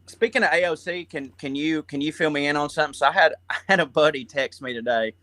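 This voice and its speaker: A Southern-accented man from Georgia talks in a loose, profane comic ramble. His voice sits a bit high and comes across bright and forceful. The sound is dry and close. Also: fast talker, dry recording. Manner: profane, rambling, animated storytelling. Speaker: guest comedian. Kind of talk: casual comedic chat.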